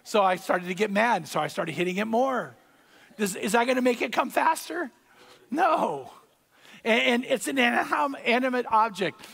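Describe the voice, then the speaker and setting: A man delivers a sermon as pastor, his voice sitting noticeably high for a man. He talks conversationally, repeats his key lines and pushes louder to land a point. The sound carries the long ring of a large church sanctuary. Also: gravelly, big-room sound. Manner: conversational preaching, repeats key phrases, swings louder for emphasis.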